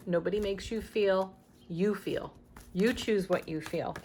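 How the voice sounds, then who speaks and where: A woman's voice: mid-range voice, unhurried, a little mellow, a little hiss or hum. A woman giving a daily tarot reading, speaking emphatically with spiritual encouragement and small laughs. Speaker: tarot reader.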